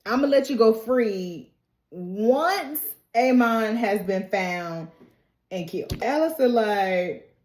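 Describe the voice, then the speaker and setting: A young woman hosting a casual TV recap, telling the story in lively, slangy speech, laughing often and acting out characters' lines. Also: on the high side, takes it slowly, echoey room. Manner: acts out characters' lines in quoted voices. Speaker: TV recap host.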